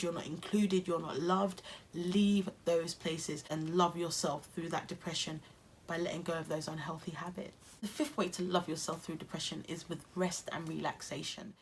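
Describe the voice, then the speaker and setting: A woman's voice: lowish voice, slight background noise. Earnest English woman vlogger. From England. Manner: earnest, encouraging. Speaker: YouTuber. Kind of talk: self-care vlog talk.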